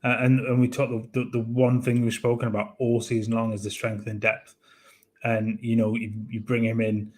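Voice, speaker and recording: A man talking through his football club's squad in a steady, level voice with little rise and fall. He is measured and thoughtful, often restarting his sentences as he works out a point. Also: mid-range voice. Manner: measured, hesitant with many restarts. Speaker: co-host of a football fan show. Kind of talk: casual football analysis.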